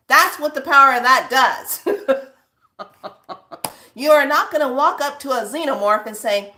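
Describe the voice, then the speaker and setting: A woman's voice: sits high, expressive, extremely slow, long pauses, sharp tone. A woman vlogger chatting casually with her viewers, laughing often and swearing for emphasis. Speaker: spiritual vlogger.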